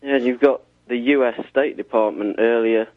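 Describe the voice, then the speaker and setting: A man's voice: mid-range voice, steady tone, normal speed, no echo. A man on a talk radio show, speaking in a matter-of-fact way. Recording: tinny phone line.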